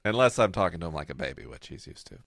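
A young man co-hosting a relaxed chat with a very low voice that swoops up and down as he tells stories. He trades puns and jokes with an easy, animated manner. The sound is close and dry. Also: racing, creaky, no room sound. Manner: playful, punning, animated storyteller. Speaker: co-host. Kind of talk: casual chat.

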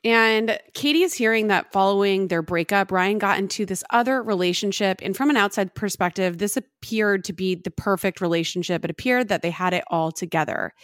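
A woman's voice: medium pitch, brisk, few pauses, no echo, studio quality. A woman host narrating a true story in a casual, blunt tone with some swearing. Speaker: podcast host. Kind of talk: scripted narration.

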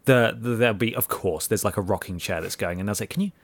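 A man's voice: lowish voice, fast, no room sound. A man co-hosting a podcast, telling a rambling story in casual chat and acting out the voices he quotes. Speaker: podcast co-host.

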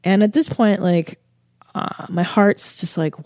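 Young lady comic telling a wild story, cussing a lot, mid pitch, dry close mic. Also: unhurried, no echo. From United States. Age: young adult. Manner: swearing, animated, self-mocking. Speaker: comedian and podcast host.

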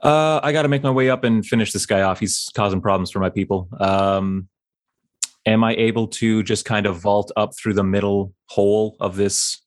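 A young man playing a tabletop game, describing his moves in a relaxed, easygoing way. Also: lowish voice, normal speed. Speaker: player. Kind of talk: casual tabletop play.

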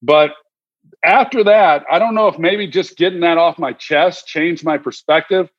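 A man's voice: a little high, unhurried, lo-fi sound. A man in his fifties, a guest on a podcast, telling a story in a reflective, candid way with many restarts and repeated words. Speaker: guest, former quarterback and broadcaster. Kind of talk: relaxed interview storytelling.

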